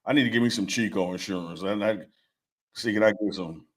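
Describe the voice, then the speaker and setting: A man co-hosting a casual sports talk show, playful and teasing, with a loose relaxed delivery. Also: fairly low pitch, brisk. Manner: teasing, playful, reads a sponsor plug in a loose drawl. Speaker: co-host.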